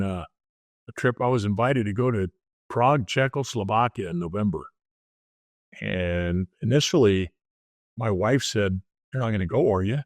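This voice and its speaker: A man's voice: medium pitch, dry recording, clean studio sound. An older man, a retired detective, telling candid stories as an interview guest. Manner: plainspoken, candid storytelling. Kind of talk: casual interview storytelling.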